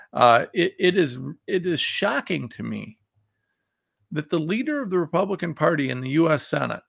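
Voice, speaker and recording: A man's voice: fairly high pitch, gravelly, a bit bright. A man hosting a political commentary show, ranting angrily and reading out quotes between insults. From Ohio. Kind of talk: fired-up political commentary monologue.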